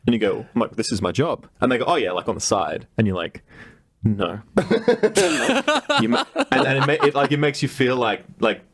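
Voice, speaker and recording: A man's voice: mid-range voice, brisk, breathy edge. A young Australian man co-hosting a podcast in casual chat, telling stories and acting out other people's lines. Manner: animated storyteller, acts out other people's lines. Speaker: podcast co-host.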